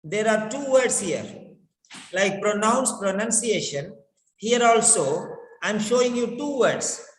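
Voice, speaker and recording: A man teaches pronunciation at an unhurried pace. He repeats key words again and again to drill them. The sound is roomy, with a long echo trailing each phrase. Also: high-pitched, expressive, slight background noise. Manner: repetitive, drills words over and over. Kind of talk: slow instructional lesson. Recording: echoey room with long reverb.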